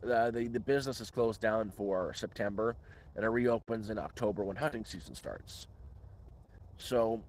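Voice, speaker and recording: A man's voice: fairly low pitch, normal speed, darkish tone, slight background noise. A man hosting a casual live question-and-answer stream outdoors in the woods, rambling and restarting words. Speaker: livestream host.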